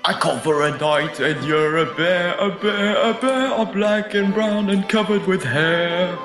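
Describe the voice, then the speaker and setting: A man's voice: sits high, a little slow, roomy sound, over music. A man playing a bawdy singing court fool. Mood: singsong. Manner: sung rhyming verse.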